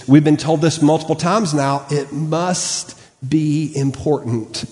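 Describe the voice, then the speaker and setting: A man's voice: fairly high pitch, measured pace, dark tone. A man preaching a sermon, reading scripture aloud and then explaining it earnestly, stressing key words and correcting himself as he goes. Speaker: pastor. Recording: long reverb of a church hall.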